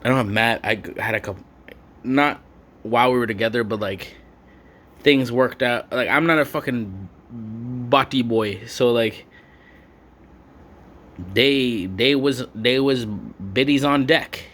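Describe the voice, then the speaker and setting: A man's voice: mid-range voice, unhurried, long pauses, a bit bright. Rambling, foul-mouthed young man. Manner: profane, slangy and rambling, with frequent fillers. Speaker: vlogger. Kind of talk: rambling storytime rant.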